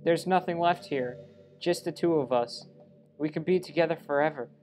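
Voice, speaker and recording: A man's voice: fairly high pitch, moderate pace, darkish tone, faint music behind, natural voice. Monika, a lovestruck game girl, read by a man. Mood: adoring. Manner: reads character lines in his own voice with small stumbles. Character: lovestruck young woman game character, obsessive. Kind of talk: let's play reading game dialogue aloud.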